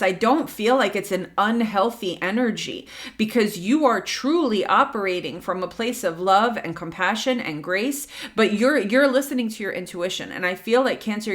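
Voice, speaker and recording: A woman's voice: mid-range voice, a bit bright. A woman giving a casual, chatty tarot reading to her viewers, with many fillers, who acts out little quotes. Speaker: tarot reader.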